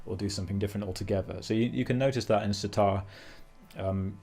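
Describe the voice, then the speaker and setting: A man's voice: fairly low pitch, steady tone, fast, darkish tone. A man teaching a guitar lesson, explaining phrasing and singing rhythm syllables between his points. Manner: thinking aloud with fillers and restarts. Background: guitar playing.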